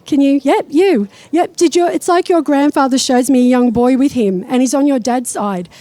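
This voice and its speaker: A woman's voice: high voice, normal speed, warm tone, dry recording. A woman psychic medium giving a blunt, irreverent stage talk and live readings to an audience. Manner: blunt and irreverent, swears freely.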